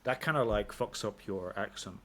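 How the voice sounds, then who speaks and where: Brief: British man from London, lowish voice, loose rambling guest with lots of "like" and swearing. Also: animated, normal speed, fairly bright tone. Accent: British English. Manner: rambling, many fillers, casual swearing. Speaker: interview guest. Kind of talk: casual interview.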